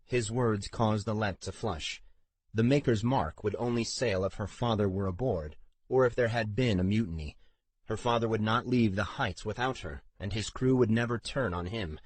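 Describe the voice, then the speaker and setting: A man narrating an audiobook in a steady, even storytelling delivery. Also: on the low side, moderate pace, no echo. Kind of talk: scripted narration.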